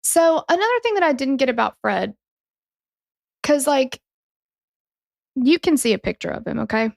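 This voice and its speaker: Chatty woman with gravelly voice. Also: high voice, sing-song, normal speed, no echo, studio quality. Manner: chatty, swearing, many fillers. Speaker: podcast co-host. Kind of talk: casual true-crime podcast chat.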